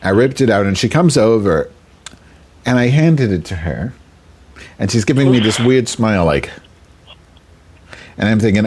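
A man's voice: mid-range voice, lively intonation, moderate pace, long pauses, a little mellow, slight background noise. A man hosting a show, telling a raunchy comic story in a rambling, self-interrupting way. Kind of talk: crude comedic storytelling.

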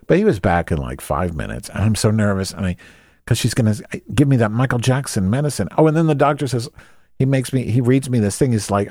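A man's voice: medium pitch, expressive, fast, a little mellow, no room sound, studio quality. A man telling a rambling comic story, crude and sarcastic, often going off on tangents.

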